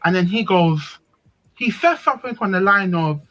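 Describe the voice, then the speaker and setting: A woman telling a personal story on a live stream, animated and emphatic, often repeating herself. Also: medium pitch, moderate pace, poor audio. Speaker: panel speaker.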